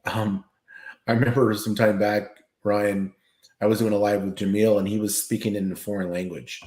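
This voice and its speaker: A man chatting casually and giving relaxed advice as host. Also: on the low side, moderate pace. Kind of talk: casual chat. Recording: roomy echo.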